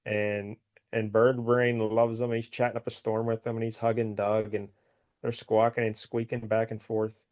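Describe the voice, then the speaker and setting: A man's voice: lowish voice, little pitch movement, moderate pace, darkish tone, lo-fi sound. Man rambling through a comic recap. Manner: rambling, amused retelling with filler words. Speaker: podcast co-host. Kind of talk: casual chat, comic book recap.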